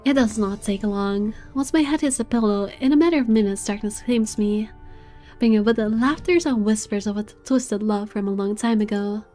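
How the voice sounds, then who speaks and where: Brief: woman reading as a haughty young lord, mellow voice, measured dramatic delivery, soft game music under. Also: medium pitch, lightly acted. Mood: brooding. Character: proud young man, weary and aloof. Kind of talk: reading game narration aloud. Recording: faint game music behind.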